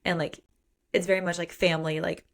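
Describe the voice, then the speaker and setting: A woman's voice: fairly low pitch, level tone, a little fast, creaky. A woman co-hosting a podcast, casually and playfully recapping a romance novel in a chatty book discussion. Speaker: podcast co-host.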